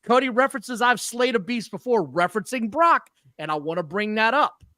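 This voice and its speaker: Podcast co-host, male, high bright voice, blunt ranting delivery, dry close sound. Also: lively intonation, a little fast, no room sound. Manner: blunt, exasperated rants with profanity. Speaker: podcast co-host reviewing wrestling. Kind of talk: casual chat.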